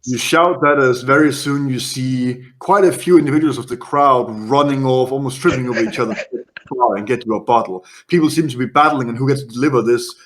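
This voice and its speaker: A man narrates a tabletop role-playing session as its game master. His voice sits at a middle pitch, and he describes each scene in a playful, storytelling way. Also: a little fast, a bit bright, slight background noise.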